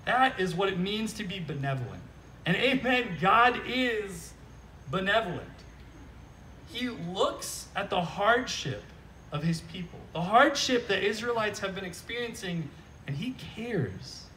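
A high-pitched, bright-toned man preaching at an outdoor service with an animated, joking, conversational manner. His pitch swings widely as he talks. He sounds set back from the mic, with faint noise behind him. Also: measured pace, far from the mic, low-quality recording. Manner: animated, joking, repeats "right?". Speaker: pastor. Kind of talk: conversational sermon.

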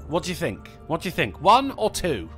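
A man streaming a video game, chatting with viewers, excitable and swearing, yelling when things go wrong. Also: a little high, brisk, soft background music. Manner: excitable, sweary, yells in panic. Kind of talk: live game commentary.

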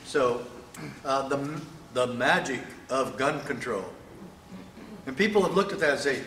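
A man giving an emphatic political speech to an audience at an event, pausing for rhetorical questions. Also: medium pitch, a bit bright, far from the mic, slight background noise. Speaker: speaker at a sheriffs' event. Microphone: microphone, sometimes stepping away. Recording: echoey hall.

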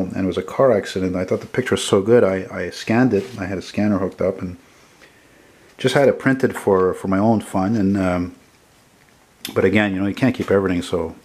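A man's voice: fairly low pitch, darkish tone. Enthusiastic man in his forties. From Montreal, Canada. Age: 40s. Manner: rambling and enthusiastic, quick with self-corrections. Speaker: photographer selling his car prints. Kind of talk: casual sales walkthrough.

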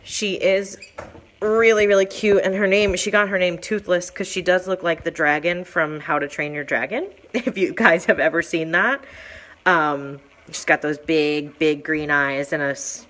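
On a live walkthrough of the animal shelter she manages, a woman gives straightforward descriptions of each cat and then coos to them in a high sing-song. She's unhurried, with a fairly bright tone.

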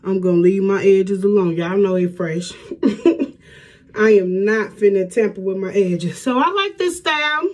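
A middle-aged woman talking casually to her viewers at home, chatty and warm with plenty of y'all. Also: mid-range voice, normal speed. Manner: chatty, addresses viewers as y'all, Southern US speech. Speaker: hair vlogger. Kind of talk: casual vlog chat.

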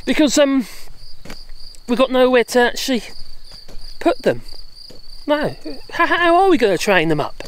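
A woman rants on a casual vlog while out walking her dogs, exasperated and sarcastic with a chatty tone. Her voice sits high and swings widely in pitch. It is recorded on a phone or camera she holds as she walks. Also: big pitch swings, a little slow, pauses often, a little hiss or hum. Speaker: vlogger. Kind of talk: ranting political vlog.

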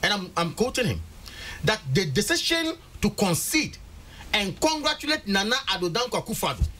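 A man's voice: sits high, sing-song, moderate pace, sharp tone. A Ghanaian man talking politics on a studio panel, emphatic and repeating words for stress. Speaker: political commentator.

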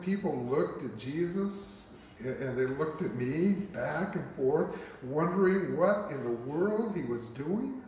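A male pastor preaching a first-person dramatic monologue sermon, telling the story in character with an expressive, unhurried manner. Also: a little high. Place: church sanctuary. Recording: very echoey church hall, faint hiss.

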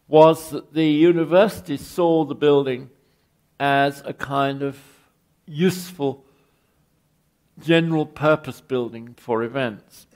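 An older Englishman lectures on architecture in a wry, meandering way, tripping over his own words as he goes. His voice is gravelly and sits a little high for a man. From England. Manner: rambling, wry, with frequent restarts. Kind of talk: anecdotal public lecture.

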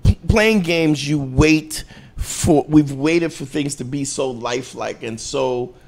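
A man co-hosting a gaming comedy podcast, chatting casually with quick reactions and plenty of swearing. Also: medium pitch, vocal fry, darkish tone. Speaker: podcast co-host. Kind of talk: casual chat.

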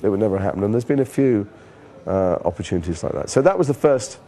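Low, mellow-voiced man telling stories. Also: fast talker. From Liverpool, England. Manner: animated storyteller, frequent restarts. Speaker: actor, interview guest. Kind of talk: candid anecdotal interview talk.

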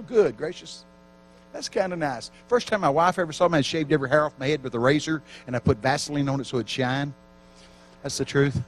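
A man preaching at a church camp meeting, telling stories with lively acted-out voices and shouting for emphasis. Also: fairly high pitch, a little hiss or hum. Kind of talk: storytelling sermon.

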